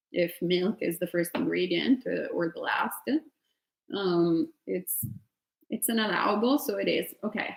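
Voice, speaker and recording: A woman's voice: mid-range voice, vocal fry. A woman with an Italian accent, a meditation teacher answering retreat questions in a chatty way with lots of fillers and laughter. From Italy. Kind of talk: casual Q&A at an online retreat. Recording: roomy echo.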